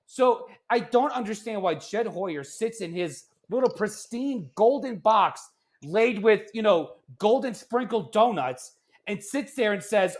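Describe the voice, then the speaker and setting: A man co-hosting a casual sports podcast, ranting in an animated, exasperated way that often turns loud. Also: high voice, measured pace. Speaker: podcast co-host.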